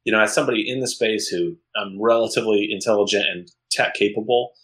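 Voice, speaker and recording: A man's voice: lowish voice, steady tone, quick pace, fairly bright tone, rough recording. A man co-hosting a podcast, chatting casually and thinking aloud with frequent restarts. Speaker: podcast co-host.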